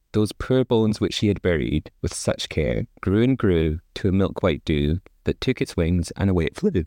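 A man's voice: low voice, darkish tone, no room sound, studio quality. A man hosting a podcast, reading an old fairy tale aloud and breaking off for wry, chatty asides. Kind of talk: casual storytelling with joking asides.

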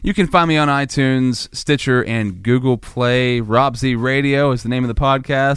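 A man riffing alone on his podcast in a goofy, rambling way, now and then jumping into shrill mock panic. His voice sits in an ordinary middle pitch. It sounds close and dry, with no room around it. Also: normal speed, hardly any pauses, fairly bright tone, clean tone, no room sound. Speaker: podcast host. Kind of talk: solo comedic podcast monologue.

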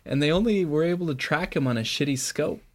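A man's voice: fairly high pitch, expressive, quick pace. A man co-hosting a fan podcast, recapping an episode in casual chat and doing playful voices for characters. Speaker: podcast co-host.

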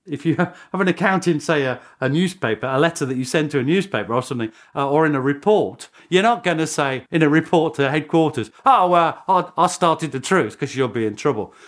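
A man in a documentary interview, speaking as a historian. His slightly high voice swings widely as he tells the story. Chuckles and small restarts break up his delivery.

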